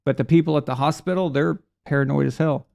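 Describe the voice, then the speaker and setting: A middle-aged man hosts a live sports stream, reading super chats and chatting casually. His voice is a little high and darkish, with vocal fry and a quick pace. He tells rambling stories full of restarts and acts out voices whenever he quotes someone.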